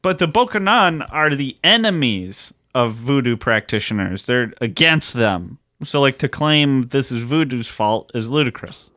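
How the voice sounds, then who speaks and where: A man's voice: medium pitch, big pitch swings, a little slow, hardly any pauses, sharp tone, no room sound. Male podcast co-host, mid-range voice, casual history explainer, dry close mic. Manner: conversational, hesitant fillers.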